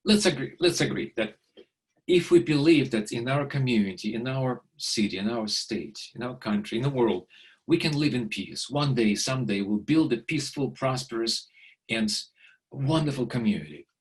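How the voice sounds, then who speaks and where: A middle-aged man giving a video lecture, halting often with fillers and repeated words. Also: mid-range voice, lively intonation, husky.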